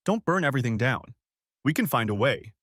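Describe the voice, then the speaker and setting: A man's voice: medium pitch, big pitch swings, brisk, a bit bright, no echo, studio quality. A man voicing a wounded, tearful wife caught in an affair, pleading with a breaking voice.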